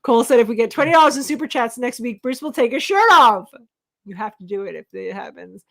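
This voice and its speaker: A woman in her thirties co-hosting a casual livestream, telling stories with lots of laughter and loud, animated outbursts. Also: a little high, fast talker, vocal fry. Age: 30s. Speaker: co-host.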